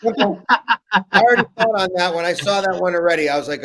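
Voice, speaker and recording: A man's voice: high voice, lively intonation, a little fast, a bit bright. An American man being interviewed as a guest over a video call, talking in a joking, self-deprecating and rambling way. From United States. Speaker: guest musician. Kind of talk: casual interview.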